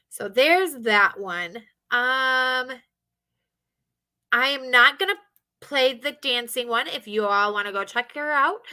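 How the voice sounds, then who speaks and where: A woman gives casual commentary in a bright, forward voice, often pausing on fillers and restarting her sentences. Her pitch sits a little high. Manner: hesitant, many fillers and restarts.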